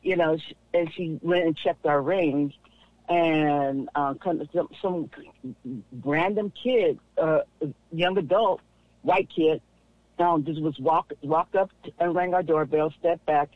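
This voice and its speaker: A man's voice: fairly high pitch, fairly even intonation, takes it slowly, no room sound. Chatty man on a tinny phone line. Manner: chatty storyteller, laughs easily. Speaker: caller. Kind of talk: casual call-in chat.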